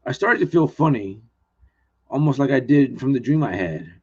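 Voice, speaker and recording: A man's voice: medium pitch, sing-song, normal speed, darkish tone, breathy edge. A male author reading his own novel aloud in a plain, earnest way, with small restarts, on dull lo-fi stream audio.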